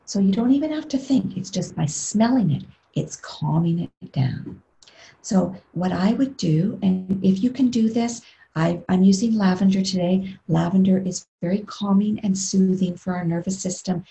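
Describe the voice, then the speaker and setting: A middle-aged woman leading a guided meditation webinar over a video call, talking gently and unhurriedly, sometimes dropping into a breathy whisper. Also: medium pitch, moderate pace, poor audio. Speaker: meditation instructor.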